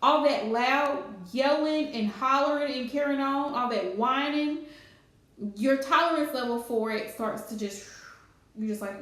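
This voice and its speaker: A woman's voice: sits high, measured pace, fairly bright tone. A woman, chatting casually on a live stream with playful scolding asides. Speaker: livestream host. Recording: very echoey room.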